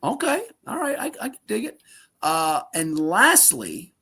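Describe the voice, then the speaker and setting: A man hosting a sports podcast, asking quick questions in an upbeat, easygoing manner. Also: high voice, wildly swooping pitch, vocal fry, pushed and bright, breathy edge. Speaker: podcast host.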